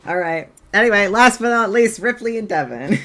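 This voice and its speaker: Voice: mid-range voice, lively intonation, normal speed, a bit bright. A game master running a streamed tabletop game, giggly and loose, swearing casually.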